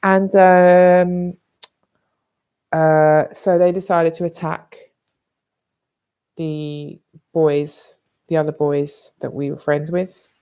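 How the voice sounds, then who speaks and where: A woman's voice: sits low, little pitch movement, very slow, long pauses, warm tone, clear, resonant tone. A British woman vlogging, telling a personal story in a candid, blunt, rambling way with some swearing.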